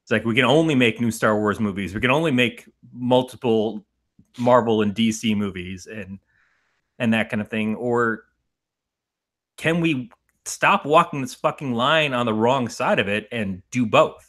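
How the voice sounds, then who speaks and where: Animated, profane middle-aged podcast host. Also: male voice, mid-range voice, moderate pace. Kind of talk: casual movie podcast chat.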